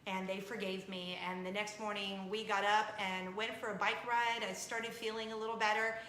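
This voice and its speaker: A woman's voice: mid-range voice, flat delivery, normal speed, sharp tone, echoey room, a little hiss or hum, rough recording. A woman, hosting a vlog and telling a personal story in a chatty, confessional way, laughing as she goes. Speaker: vlog host. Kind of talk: casual storytelling to camera.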